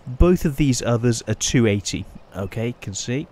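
A man giving casual, chatty gameplay commentary as a channel host, often pausing and restarting his sentences. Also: mid-range voice, expressive, darkish tone, a little hiss or hum. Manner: chatty, halting, many restarts and fillers.

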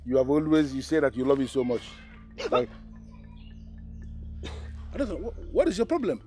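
An actor with a Nigerian accent playing an earnest, doting young husband in a film, speaking in a halting way. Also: male voice, mid-range voice, big pitch swings, a little mellow, faint music behind, natural voice. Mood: confused. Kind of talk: Nollywood film acting.

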